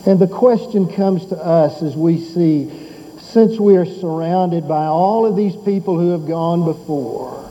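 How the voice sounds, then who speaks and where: Older preacher man, kinda high but really dark mellow voice, folksy then fired up, dull lo-fi church recording. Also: a little slow. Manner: folksy storytelling, rising to fervent exhortation. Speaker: pastor. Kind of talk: sermon.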